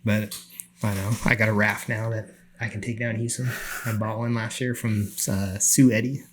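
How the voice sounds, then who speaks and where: A middle-aged man telling a story on a podcast, animated, acting out the people he quotes. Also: lowish voice, moderate pace. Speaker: podcast guest. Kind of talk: casual storytelling.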